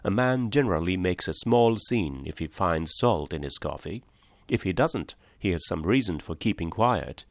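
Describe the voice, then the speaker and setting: A man's voice: deep voice, lively intonation, normal speed, no echo, studio quality. A man voicing a small, mild country priest in an audiobook, speaking simply and apologetically. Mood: calmly firm.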